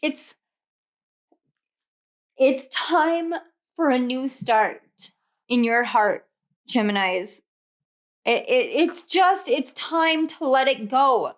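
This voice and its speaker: A woman's voice: sits high, animated, drawn-out words, pauses often. A young woman giving a casual tarot reading, emotional and gushing, laughing often as she goes. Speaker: tarot reader.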